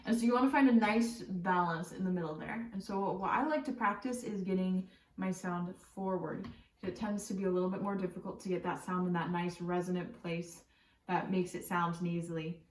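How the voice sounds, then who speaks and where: A woman voice teacher explaining warm-ups in a relaxed, chatty way, with frequent ums and likes. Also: on the low side, normal speed. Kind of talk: casual spoken singing lesson. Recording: roomy echo from a distant mic.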